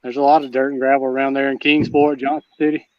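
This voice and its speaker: A man from the Southern US, a guest on a casual livestream, talking quickly with lots of uhs and restarts over a dull, dry line. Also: medium pitch, little pitch movement, no echo. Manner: talks fast with many uhs and restarts.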